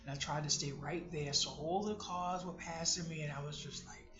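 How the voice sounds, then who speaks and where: A woman vlogger telling a casual personal story in an animated way, breaking into exclamations and laughter. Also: low voice, moderate pace, music in the background. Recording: roomy, dull lo-fi sound.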